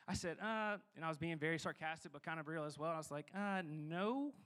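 A man's voice: a little high, fast talker, a bit bright, clean tone. A young man giving a sermon as a pastor, talking casually and rambling with lots of fillers.

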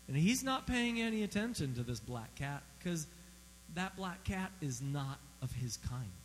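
A man preaching a sermon, emphatic and animated, asking his audience questions. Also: on the high side, long reverb tail, a little hiss or hum, rough recording. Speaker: pastor.

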